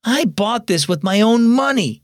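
Guy putting on a snippy older sister, kid voice, pitched way up, bouncy. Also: sing-song, moderate pace, dry recording, clean studio sound. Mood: upset. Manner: sharp, resentful. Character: angry bossy older sister, young girl.

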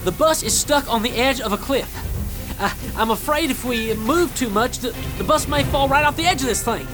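An actor playing a folksy, rugged mountain guide who talks in a homespun drawl. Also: male voice, very high-pitched, animated, moderate pace, over music. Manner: folksy drawl, says "reckon".

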